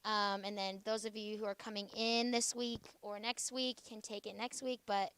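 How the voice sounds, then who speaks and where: A woman's voice: medium pitch, flat delivery, moderate pace, a bit bright, slight background noise. A woman teacher giving a spelling lesson to a class, checking in with "okay?" after nearly every phrase.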